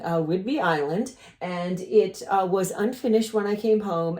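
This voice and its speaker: A woman's voice: mid-range voice, darkish tone. Chatty woman host in an echoey room. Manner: chatty, rambling asides. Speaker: collage artist and channel host. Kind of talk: casual studio tutorial. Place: art studio.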